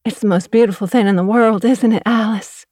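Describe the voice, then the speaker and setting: A woman's voice: medium pitch, fairly even intonation, a little fast, mellow, no echo, clean studio sound, voice pushed up, close to an everyday voice. A woman reading an audiobook, voicing a fussy, gushing middle-aged mother who talks in a prim way.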